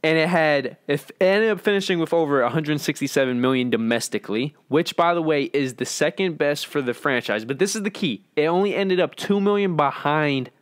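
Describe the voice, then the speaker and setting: A man's voice: fairly high pitch, expressive, fairly quick, few pauses, clean tone, dry recording, clean studio sound. A young man co-hosting a podcast, giving short casual replies and reading out box-office numbers. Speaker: podcast co-host. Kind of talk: casual chat.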